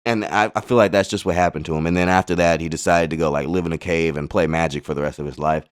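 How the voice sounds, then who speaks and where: Male host, relaxed slangy game commentary, smooth low-set voice. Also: fast talker. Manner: laid-back, slangy, chatty asides. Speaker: gaming channel host. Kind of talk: casual card-game replay commentary.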